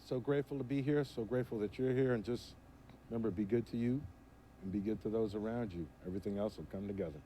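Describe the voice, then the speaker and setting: A man on a panel, speaking gently and gratefully. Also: on the low side, fast, slight background noise, low-quality recording. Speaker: voice actor panelist.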